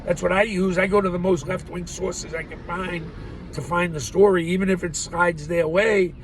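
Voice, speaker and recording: A man's voice: high voice, steady tone, moderate pace, slight background noise, rough recording. A man rambling through a profane, laugh-filled monologue as a vlogger. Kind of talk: ranting monologue.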